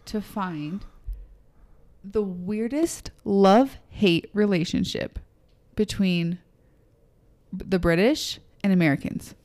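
A woman's voice: medium pitch, slow pace, long pauses, a little mellow. A young woman co-hosting a podcast, chatting casually, laughing often and acting out quoted voices. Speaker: podcast co-host.

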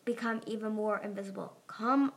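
A woman reading a children's fantasy book aloud, expressive, doing character voices. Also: on the high side, normal speed. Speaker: audiobook reader. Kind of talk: amateur audiobook narration.

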